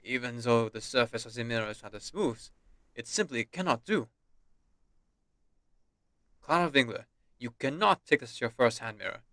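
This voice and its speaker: Man doing a stern, contemptuous noble father; bright, crisp, dry read. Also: mid-range voice, moderate pace, long pauses, no echo, close to an everyday voice. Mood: disdainful. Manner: cold, contemptuous, scolding. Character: stern haughty aristocratic father, older man.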